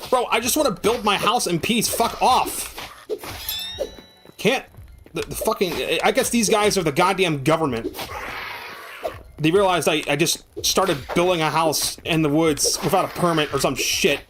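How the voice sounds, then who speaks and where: A fairly high-voiced man talks through a game live, cursing and ordering monsters off. His tone swings between loud exasperation and dry joking muttered to himself. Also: normal speed, background noise. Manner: exasperated, swears a lot, yells at game monsters. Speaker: streamer playing a game. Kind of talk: live gameplay commentary.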